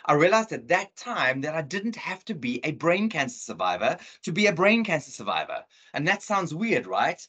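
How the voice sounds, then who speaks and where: A middle-aged South African man with an earnest, animated manner, telling a personal story in a talk over a video call. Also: on the high side, moderate pace, few pauses, breathy edge. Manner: earnest, animated storyteller who acts out dialogue. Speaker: motivational speaker.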